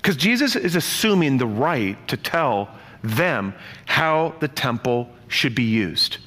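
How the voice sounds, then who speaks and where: A man preaching a sermon, lively and playful, acting out the voices in his stories. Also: medium pitch, slow pace. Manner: animated, playful, acts out quotes. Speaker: pastor. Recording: long hall reverb.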